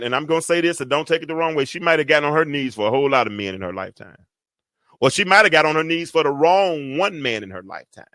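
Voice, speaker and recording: A man's voice: medium pitch, bright, forceful tone, no room sound, studio quality. A man hosting a show, teaching from the Bible in a preaching style, colloquial and building into emphatic, repeated lines. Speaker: host.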